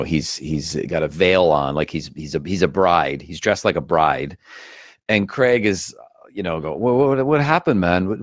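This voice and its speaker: A man with a lowish, very lively voice recounts his stories as an interview guest, jumping in and out of quoted voices. The sound is dry and close, with no room around it. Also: no echo. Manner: animated, acts out quotes with shifting voices. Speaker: guest, actor and comedian. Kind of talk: casual interview storytelling.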